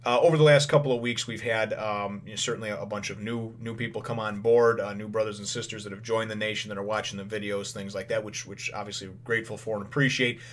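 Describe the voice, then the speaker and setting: A man's voice: fairly low pitch, fairly even intonation, fast, few pauses. A man hosting his own channel, casually retelling a comic chapter, rambling with lots of "you know" fillers and the odd chuckle. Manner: chuckles now and then. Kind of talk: casual chat recap.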